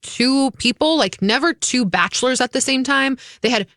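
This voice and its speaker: A woman co-hosts a casual entertainment radio chat with a bright, slightly high voice. She tells her stories with animated, opinionated energy. The mic sound is close and dry. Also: normal speed, dry recording. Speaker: radio show co-host.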